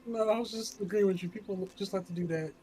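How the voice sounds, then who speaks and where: A man chatting casually on a stream, relaxed and a little halting. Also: high voice, rough recording. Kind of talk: casual chat.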